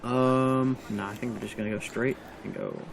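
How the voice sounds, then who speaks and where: A man with a gravelly, mid-pitched voice working through his moves out loud in a tabletop wargame. He talks at an easy, casual pace. Steady background noise sits under his voice. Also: normal speed. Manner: thinks aloud while counting moves. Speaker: player. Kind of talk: casual tabletop game talk.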